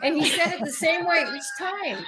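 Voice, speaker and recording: A middle-aged woman from Southern California, a guest on a video call, telling family stories in animated casual chat and laughing easily. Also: extremely high pitch, normal speed, over a noisy crowd. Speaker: guest, the host's mother.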